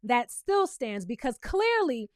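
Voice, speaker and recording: A woman's voice: high voice, takes it slowly, dry recording, studio quality. A woman giving a casual, sassy reality TV recap, talking straight to her viewers and acting out quotes. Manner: sassy, animated, quotes people in put-on voices.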